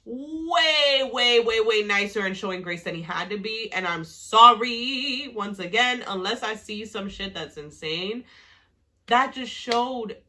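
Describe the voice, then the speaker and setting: A woman's voice: on the high side, expressive, unhurried, bright, forceful tone. A woman recapping a reality show in casual commentary, ranting in a heated, profane, exasperated way.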